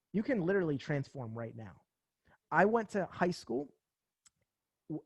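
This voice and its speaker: Young male sales coach from New Jersey; pumped-up, casual pitch, slight fry, dry recording. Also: no echo. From central New Jersey. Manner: energetic, casual slang, acts out phone calls. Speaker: sales trainer. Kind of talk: motivational sales talk.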